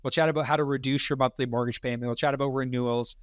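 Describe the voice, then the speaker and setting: A man's voice: medium pitch, fairly even intonation, rapid-fire, smooth, no echo, studio quality. A man co-hosting a podcast, talking in an emphatic, repetitive way in casual chat. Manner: emphatic, repeats points with stammered restarts. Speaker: podcast co-host.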